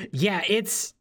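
A young man co-hosting a casual podcast, talking loosely with fillers and short laughs. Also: high-pitched. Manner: lively, rambling with fillers and laughs. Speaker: podcast co-host. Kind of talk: casual chat.

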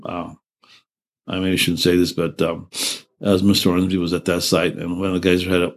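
A low, deep-voiced older man recounting his war service in a loose, meandering way. He swears freely, drops sentences halfway to start over, and breaks into laughter at the darkest moments. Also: flat delivery, normal speed, creaky. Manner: rambling, profane, trails off and restarts; laughs through grim memories. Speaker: veteran interviewee. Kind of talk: oral history storytelling.

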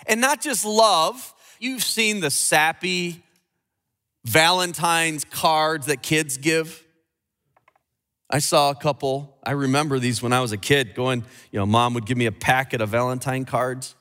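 A man preaching a sermon as pastor, emphatic, with dramatic pauses. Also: fairly high pitch, sharp tone, long reverb tail.

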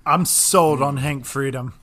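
A man co-hosting a comedy podcast, slow and sardonic, swearing freely while he plays along with the quiz. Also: mid-range voice, sharp tone. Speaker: podcast co-host, quiz player. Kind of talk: casual comedy podcast banter.

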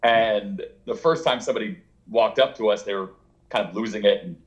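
Lower-voiced man telling stories. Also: fairly quick, dull audio. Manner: rambling, animated, acts out quotes with laughs. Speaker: author guest. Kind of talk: storytelling in a casual interview.

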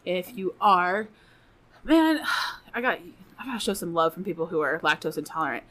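A woman's voice: fairly low pitch, lively intonation, normal speed, a bit bright. A woman guest on a podcast telling a funny personal story in casual, profane chat, laughing often.

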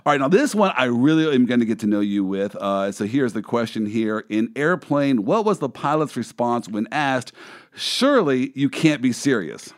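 A man's voice: medium pitch, animated, normal speed, few pauses. A man hosting a podcast, chatting casually and playfully with his guest and laughing often. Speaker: podcast host, lawyer. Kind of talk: casual interview chat.

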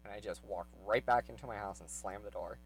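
Casual male storyteller, gravelly, lots of ums, gets worked up and speeds up. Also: fairly low pitch, soft background music, poor audio. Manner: rambling, lots of fillers, grows heated and fast when retelling his anger. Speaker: vlogger telling a personal story.

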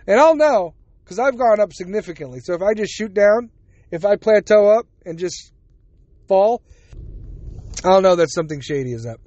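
A man's voice: high voice, expressive, normal speed, darkish tone, dry recording, lo-fi sound. A man hosting a casual solo podcast, talking bluntly and sarcastically, mocking the other side with put-on quotes, and yawning now and then. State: yawning, drowsy. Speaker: podcast host.

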